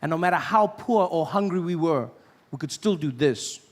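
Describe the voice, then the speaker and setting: A man from Africa performing an animated stand-up comedy routine, acting out voices as he tells stories. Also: fairly high pitch, normal speed. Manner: animated storytelling with acted-out voices. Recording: live hall with audience. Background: audience laughter.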